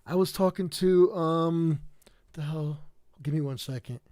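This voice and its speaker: A man's voice: fairly high pitch, measured pace, dark tone, no echo, studio quality. A tired man from the South Bronx with a New York accent, chatting casually to his livestream viewers, rambling with lots of fillers and restarts. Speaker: livestream host.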